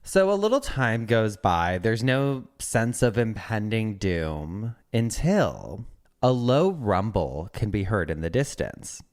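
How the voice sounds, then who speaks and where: Guy on a podcast, kinda low voice, campy and sweary, spinning a story for his cohost. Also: sing-song, takes it slowly. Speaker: podcast co-host. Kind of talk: casual chat.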